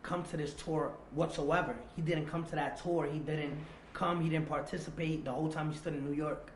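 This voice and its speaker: A man with a slightly high voice tells a personal story as an interview guest. He is animated and acts out the dialogue. The sound is roomy and echoey, with faint noise behind him. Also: fairly quick. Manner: animated, acts out quoted dialogue, repeats words. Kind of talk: emotional confessional storytelling.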